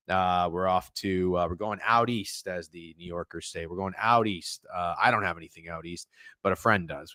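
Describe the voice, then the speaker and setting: A man's voice: mid-range voice, fairly bright tone, no echo, studio quality. A man hosting a live stream, chatting casually in a rambling, profane, jokey way and reacting to chat. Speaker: stream host.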